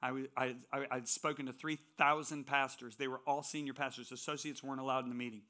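A man's voice: medium pitch, little pitch movement, quick pace, sharp tone. A man preaching as a guest speaker in a church, telling stories with strong emphasis. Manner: storytelling, emphatic. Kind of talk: sermon with personal stories.

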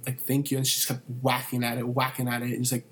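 A man's voice: mid-range voice, monotone, fast, a bit bright, slight background noise. A young man, a college student, chatting casually and telling rambling stories with lots of fillers and crude jokes. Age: young adult. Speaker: college student and photography intern. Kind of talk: casual podcast chat.

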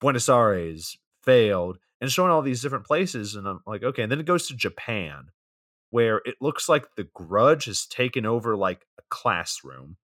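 A man's voice: medium pitch, sing-song, moderate pace, fairly bright tone, dry recording. A man co-hosting a casual podcast, walking through a film scene by scene with dry, offhand jokes. His voice sits in a mid range and comes across close and dry, with no room sound. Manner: laid-back, dry joking, retelling scenes. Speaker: podcast co-host. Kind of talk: casual movie recap chat.

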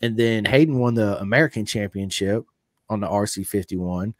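Middle-aged male host, low voice, dry close sound, eager rambling talker. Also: normal speed, dry recording. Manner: enthusiastic, rambling fan talk. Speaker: podcast host. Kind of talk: casual interview chat.

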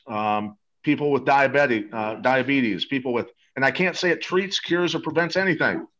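A man's voice: mid-range voice, a bit bright, highs cut off. A man talking as an interview guest, eager and salesy, rambling with many restarts. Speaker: guest promoting a supplement. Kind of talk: casual interview talk.

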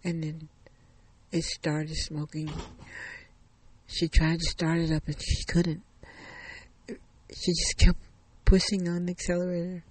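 A man retelling a thriller story in a casual, halting way, often repeating phrases and restarting. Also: on the high side, monotone.

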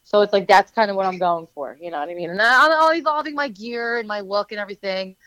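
A fast-talking woman from New Jersey, with a local accent, gives casual interview answers as a wrestler and manager, chatty and rambling with many fillers and restarts. Her mid-range voice is fairly bright and smooth with no echo, though the audio is poor.

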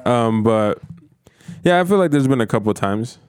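A man's voice: medium pitch, lively intonation, normal speed, a little mellow. A man in casual, profane chat, rambling through stories with lots of fillers.

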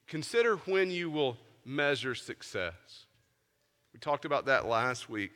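A man preaching a sermon as pastor, conversational, moving between loud emphasis and hushed, intense moments. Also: medium pitch, very animated, a little slow, long reverb tail.

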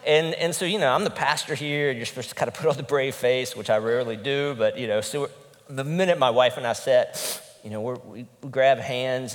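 A man's voice: mid-range voice, a little fast. A male pastor preaching a conversational sermon, earnest and candid, his voice sometimes breaking with emotion. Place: church sanctuary. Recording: long reverb in a large hall.

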